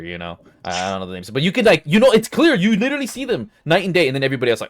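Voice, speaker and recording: Young guy ranting fast on a podcast, swearing a lot, voice jumping all over. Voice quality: swears a lot, animated rants with big pitch swings. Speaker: podcast host. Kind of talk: casual podcast chat.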